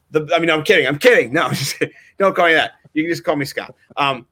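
A man hosts a loose sports chat and rambles cheerfully from point to point with jokes. His voice sits somewhat high for a man. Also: fast talker, pushed and bright, slightly rough. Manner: rambling, jokey and chatty. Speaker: fantasy football co-host.

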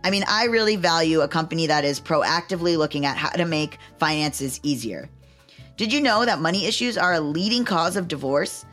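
A woman's voice: low voice, lively intonation, fairly quick, a bit bright, faint music behind. A woman podcast host doing an upbeat, enthusiastic scripted ad read.

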